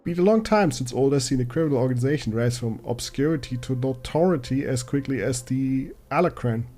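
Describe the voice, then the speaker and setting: A man voicing a gruff, wary male street informant for a game, reading the lines plainly and stumbling now and then. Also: medium pitch, expressive, a little fast, warm tone, faint music behind, lightly acted.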